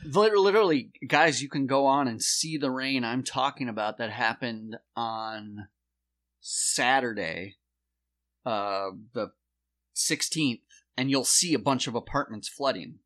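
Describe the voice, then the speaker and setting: A man's voice: medium pitch, measured pace, a bit bright. Sarcastic swearing man. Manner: sarcastic, profane. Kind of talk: casual podcast chat.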